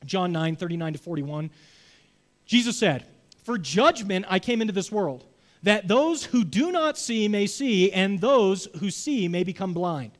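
High-voiced man preaching casually. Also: expressive, a little slow. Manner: conversational, acts out voices, frequent "right?". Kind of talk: sermon.

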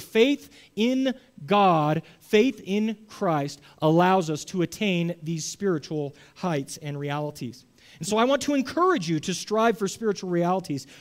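Casting: male preacher, high tenor, chatty sermon delivery, acts out quick voices. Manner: conversational, acts out voices, frequent "right?".

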